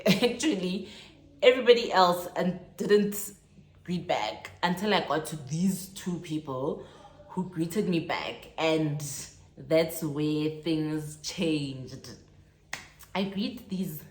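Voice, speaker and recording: Low-voiced South African woman telling a story. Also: echoey room. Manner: animated storytelling, acts out dialogue. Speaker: vlogger. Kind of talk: casual storytime vlog. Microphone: phone on tripod.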